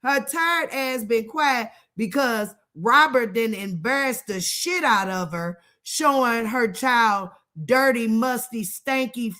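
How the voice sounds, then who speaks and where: A woman's voice: on the high side, bright, forceful tone. A middle-aged woman hosting casual live-stream commentary. She is blunt and profane, laughs often and reacts to viewer comments.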